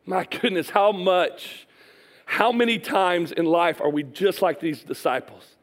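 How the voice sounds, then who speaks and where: A male preacher with a high, light voice tells a story from the pulpit. He swings between hushed, slowed lines and sudden loud bursts, putting on little voices and laughing along. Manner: animated storytelling, acts out voices, laughs often. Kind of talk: sermon.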